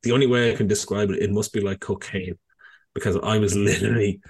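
Husky low Irish man, teasing. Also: steady tone, fast talker. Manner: teasing, laughs often. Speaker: podcast co-host. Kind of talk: casual chat.

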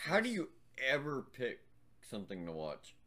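A man's voice: mid-range voice, huge pitch swings, normal speed, bright, forceful tone. A man co-hosting a podcast, talking crudely with lots of swearing and laughter. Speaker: podcast co-host. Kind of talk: casual chat.

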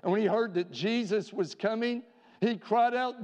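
A male pastor preaching a sermon in a church, earnest, with rhetorical questions and slowing down for emphasis. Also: sits high, a little mellow. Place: church sanctuary. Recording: dull reverberant church recording.

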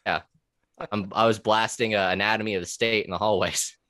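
A very deep-voiced man talks loosely in a podcast chat, full of ums, likes and restarts, and swears freely. His voice is close and dry, with no room sound around it. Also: fairly even intonation, fairly quick, bright, forceful tone, dry recording. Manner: rambling, profane, with many fillers and restarts. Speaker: podcast guest, former corrections officer. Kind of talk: casual conversational podcast.

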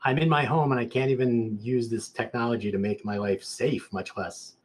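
Husky man in casual chat. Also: mid-range voice, normal speed. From Southern Nevada. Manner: rambling, restarts sentences, rises in loudness when animated. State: hoarse, clearing throat.

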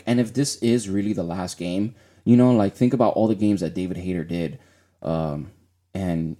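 Low, mellow-voiced man chatting about games. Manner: rambling, many fillers and restarts. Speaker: podcast co-host. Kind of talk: casual gaming chat.

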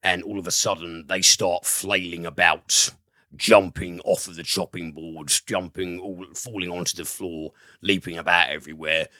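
A man's voice: low voice, steady tone, normal speed, bright, forceful tone, no room sound, studio quality. A man hosting a casual film review podcast, enthusiastic, rambling and profane.

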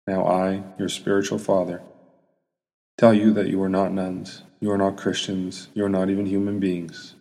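A low, mellow-voiced man reading as an elderly holy monk who counsels softly and evenly, in a plain storybook telling. Long reverb trails each phrase. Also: flat delivery. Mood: rebuking. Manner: soft and measured. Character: gentle elderly monk priest, stern when rebuking.

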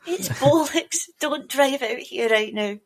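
A woman's voice: sits high, slow pace, a crowd in the background, voice pushed up. A woman putting on the voice of a mock-serious local radio traffic announcer, warning listeners in an emphatic broadcast tone. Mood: mock-grave.

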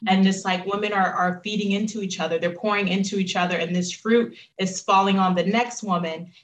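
A woman guest telling a personal story in an interview, earnest and reflective, lively when she quotes herself. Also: mid-range voice, echoey room, low-quality recording.

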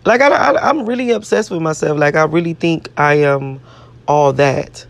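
With vocal fry in her low voice and a normal speaking speed, a woman vlogger addresses her viewers casually on camera. She rambles on brashly, swearing and bragging about herself, repeating things as she goes.

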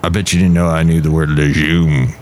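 A man voicing a disgruntled fiddle player, gruff and boastful. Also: extremely low pitch, level tone, a little fast, darkish tone, slight background noise, voice pushed down. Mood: grumbly.

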